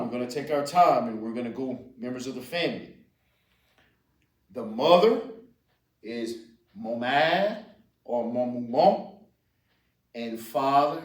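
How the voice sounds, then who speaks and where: Louisiana man, patient teacher, repeats words slowly; roomy sound, set back from the mic. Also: medium pitch. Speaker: Cajun French teacher. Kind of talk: slow spoken language lesson. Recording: roomy echo, distant mic.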